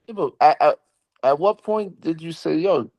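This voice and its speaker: A man's voice: fairly high pitch, expressive, normal speed, a little mellow, no echo. A man in a business group, asking blunt, profane questions in a casual chat.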